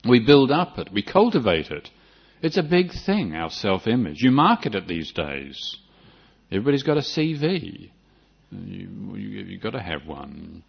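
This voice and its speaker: A man's voice: fairly low pitch, big pitch swings, normal speed, creaky, husky. An older man, a Buddhist monk giving a reflective dharma talk with frequent restarts and light humor. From New Zealand. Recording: dull lo-fi recording.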